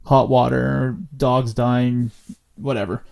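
A man's voice: mid-range voice, flat delivery, takes it slowly, creaky, darkish tone, a little hiss or hum. A middle-aged man hosting a podcast, telling candid stories and swearing freely in casual chat. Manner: candid, profane storytelling. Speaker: podcast host.

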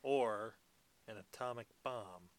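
A man's voice: on the low side, takes it slowly, no echo. A man casually recapping a movie with a friend, laughing often and jumping in with mock outbursts. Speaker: podcast co-host.

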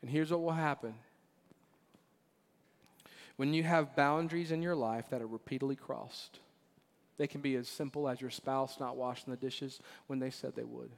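A pastor in his forties giving a sermon, telling stories with laughter and moving between loud emphasis and quiet, earnest lines. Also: medium pitch, moderate pace, creaky, pauses often. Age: 40s. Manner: animated storytelling with laughter, swings between loud and hushed. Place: church sanctuary. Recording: long reverb of a church hall.

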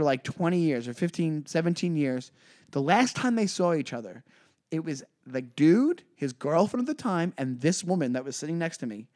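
A man with a fairly high voice co-hosts a podcast and tells a long story in a loose, casual way. He is animated and jumps much higher whenever he acts out what other people said. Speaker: podcast co-host and comedian.

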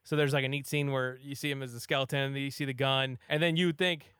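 A man's voice: mid-range voice, little pitch movement, fast, fairly bright tone, clean tone, dry recording, studio quality. A man giving a casual, rambling movie recap, full of fillers and acted-out quotes.

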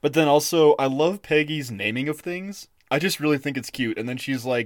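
A man co-hosting a podcast in a rambling, casual chat style, full of fillers and quick laughs. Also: on the high side, dry recording. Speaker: podcast co-host.

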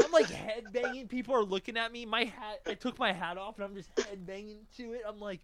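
A young man chatting casually on a podcast, telling a story and acting out his own excited reactions. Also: sits high, fast talker, hardly any pauses, dry recording. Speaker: podcast co-host. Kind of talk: casual chat, album reaction.

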